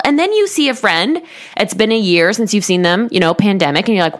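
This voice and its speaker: A woman's voice: medium pitch, expressive, fast. A woman in her thirties, a coach, candidly telling listeners a personal story in a self-deprecating way. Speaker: life coach.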